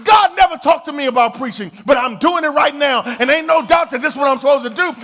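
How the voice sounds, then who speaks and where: A man preaching as a pastor. He talks in a conversational way, then builds to emphatic, shouted points. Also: very high voice, fast talker. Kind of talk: sermon.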